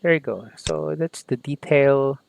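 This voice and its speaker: A man teaching a software tutorial step by step, often saying "okay" and "there you go" as he works. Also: mid-range voice, a little slow, vocal fry, clear, resonant tone. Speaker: software instructor. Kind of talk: screen-recorded software tutorial.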